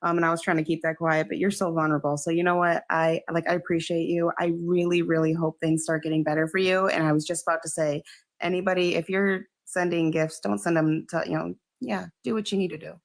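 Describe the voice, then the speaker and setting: A man's voice: a little high, flat delivery, fast, gravelly. A man hosting a live stream, thanking a guest and speaking in a casual, encouraging way. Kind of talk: casual supportive chat.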